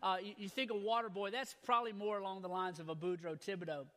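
Pastor guy in his 30s, higher voice for a man, folksy and fired up, repeats himself a lot. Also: quick pace. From Louisiana. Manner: folksy, repetitive, energetic. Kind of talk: sermon.

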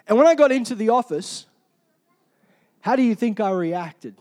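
A man preaching a sermon in an energetic, humorous way, often asking the congregation "Amen?". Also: high-pitched, moderate pace.

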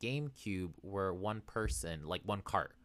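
A young man chatting casually as a podcast co-host, an animated storyteller who acts out quotes and laughs often. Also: deep voice, a little slow, dry recording. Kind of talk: casual chat.

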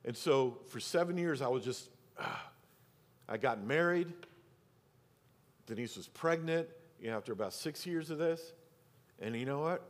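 A middle-aged man preaching as pastor, telling a personal story and acting out the voices of the people in it. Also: medium pitch. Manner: storytelling, acts out quoted voices, drops to near whisper for emphasis. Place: church sanctuary. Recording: reverberant hall.

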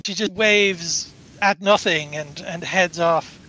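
A man narrating as game master of a tabletop game, halting and full of fillers. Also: high-pitched, background noise.

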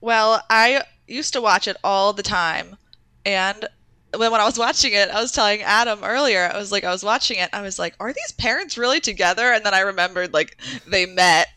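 A woman's voice: medium pitch, a little fast, bright, forceful tone, smooth, dry recording. A woman in her twenties co-hosting a podcast, chatting casually with a giggly, teasing manner. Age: 20s. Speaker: podcast co-host. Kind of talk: casual chat.

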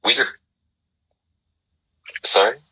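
A man's voice: very slow, pushed and bright, poor audio. A man hosting a casual chat, upbeat and encouraging, rambling through stories. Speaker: host.

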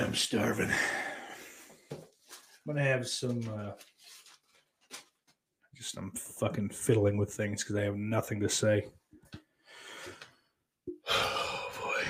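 A man's voice: fairly low pitch, a little mellow, slightly rough. A man chatting casually on a live stream, reading chat messages and answering with rambling, profane, sarcastic remarks.

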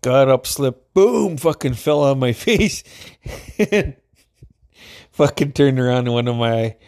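Man from alaska, unhurried storyteller, laughs a lot, heavy swearing. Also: mid-range voice, expressive, darkish tone. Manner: laughs often, swears constantly. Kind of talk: casual storytelling.

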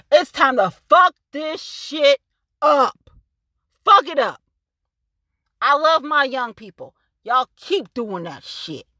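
Fiery high-voiced woman ranting. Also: sharp tone, dry recording. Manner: fiery, cursing, repetitive and emphatic. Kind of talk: angry profane rant to camera.

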